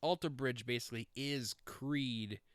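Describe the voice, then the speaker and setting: A man's voice: medium pitch, a little slow, a bit bright, clear, resonant tone, dry recording, studio quality. A middle-aged man hosting a podcast, talking in a rambling, self-interrupting, jokey way. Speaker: podcast host. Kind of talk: casual rambling monologue.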